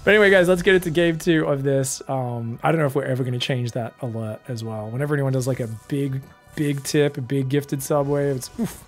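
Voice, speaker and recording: A man casting a live strategy game match with excitable, casual play-by-play that swings between hype and relaxed chat with viewers. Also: medium pitch, brisk, soft background music. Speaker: esports caster.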